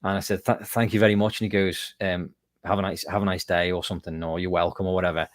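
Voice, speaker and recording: A man's voice: sits low, fast, no echo. A man from the UK, a guest musician telling stories in a casual interview. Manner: animated storyteller, lively and self-mocking.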